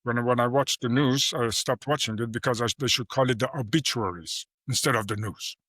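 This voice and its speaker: Bright-voiced middle-aged man, animated talker. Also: medium pitch, fairly quick, dry recording. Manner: animated storyteller, acts out quoted dialogue. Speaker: guest AI professor. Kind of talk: casual interview talk.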